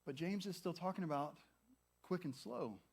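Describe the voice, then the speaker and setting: A man in his thirties delivers a sermon in a chatty, playful way. His voice sits a bit high for a man. He slips into little acted-out voices for people's thoughts. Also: normal speed, creaky, darkish tone, breathy edge. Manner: conversational and humorous, acts out quoted thoughts. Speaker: pastor.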